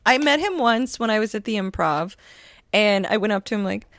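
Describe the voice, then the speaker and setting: A woman's voice: mid-range voice, lively intonation, fairly quick, fairly bright tone, no room sound. A woman co-hosting a podcast, chatting casually and telling playful stories with frequent laughs. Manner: giggly, playful storytelling. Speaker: podcast co-host. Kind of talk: casual chat.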